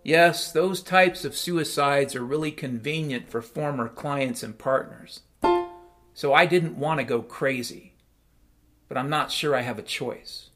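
A man's voice: medium pitch, a little slow, a bit bright. Wry man narrating over piano. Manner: casual, wry, matter-of-fact. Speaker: storyteller. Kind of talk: first-person story narration. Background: piano music.

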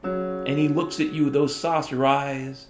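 In a level, mid-range voice at normal speed, a middle-aged Washington state man rambles through a profane, sardonic comedic monologue. The spoken-word piece has a roomy echo with music running beneath it.

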